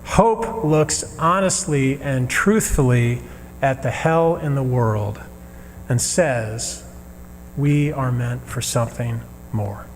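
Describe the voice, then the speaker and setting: Man, minister, sermon, slow, earnest, pausing, long church reverb, faint hum. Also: mid-range voice. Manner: earnest, measured preaching with pauses. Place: church sanctuary.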